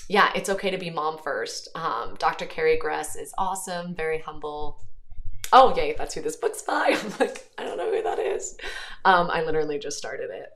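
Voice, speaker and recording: Irish woman in her thirties, lowish voice, earnest conversational host, casual livestream chat, unhurried pauses. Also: fairly bright tone.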